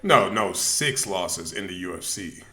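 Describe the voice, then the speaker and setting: A man's voice: low-pitched, animated, measured pace, a crowd in the background. A man co-hosting a sports podcast, talking in a laid-back, hesitant way with many fillers. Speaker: podcast co-host. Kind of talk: casual sports chat.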